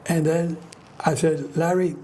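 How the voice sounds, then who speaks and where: A man's voice: fairly high pitch, steady tone, a little slow, warm tone, slight background noise. An older man from New York hosting a talk show, telling rambling stories with many restarts. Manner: rambling, restarts often, storytelling. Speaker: host. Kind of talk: casual chat.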